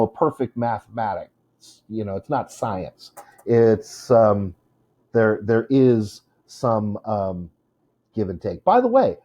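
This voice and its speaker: A man's voice: medium pitch, mellow. A man teaching a casual lesson on poetry, chatty, with many fillers, stopping to correct himself. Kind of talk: informal classroom lesson.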